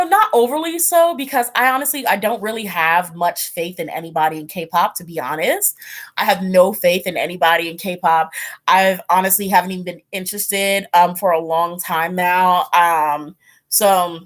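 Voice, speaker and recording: A woman's voice: lowish voice, normal speed. A woman hosting a tarot channel, rambling in casual livestream chat, with fillers, laughs and acted-out reactions. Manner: acts out her own reactions in quoted voices. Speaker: tarot reader hosting a live stream.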